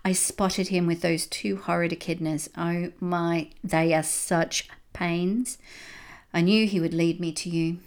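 A woman playing a cold, gloating male villain from a children's storybook. He taunts in a sly, sing-song way, with a fairly low voice. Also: steady tone, unhurried, smooth.

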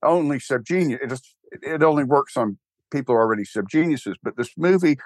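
A man's voice: mid-range voice, brisk, no room sound. An older man with a Texan accent, rambling wryly in a casual interview chat, full of restarts and fillers. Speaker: guest, church co-founder.

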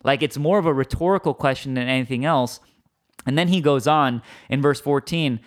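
A man's voice: medium pitch, normal speed. A man preaching a sermon as pastor, conversational, checking in with "okay?" and "right?" and acting out quoted arguments. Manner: conversational, asks "okay?" and "right?" often, acts out quoted spouses.

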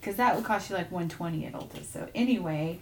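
A woman's voice: fairly low pitch, fast, a little mellow, a little hiss or hum. A woman co-hosting a podcast, chatting casually and rambling, often trailing off and restarting her sentences. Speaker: podcast co-host. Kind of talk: casual chat.

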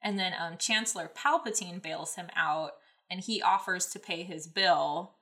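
A woman's voice: lowish voice, normal speed, pushed and bright. A woman podcast host casually recapping a fan story, rambling with many fillers and laughing at the plot. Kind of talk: casual fanfic recap and reading.

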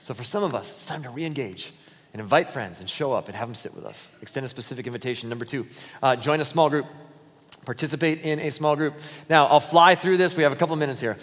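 A man's voice: mid-range voice, fairly bright tone, long reverb tail. A man preaching a sermon as pastor, in a conversational way, acting out short everyday dialogues. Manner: conversational, acts out quick dialogues in his talk. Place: church auditorium.

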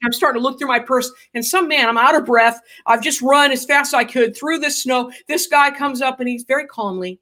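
A woman's voice: high voice, brisk, few pauses, bright, forceful tone. A woman guest from Ohio telling a dramatic story in an interview, acting out the quoted dialogue with energy. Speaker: guest, pro-life activist.

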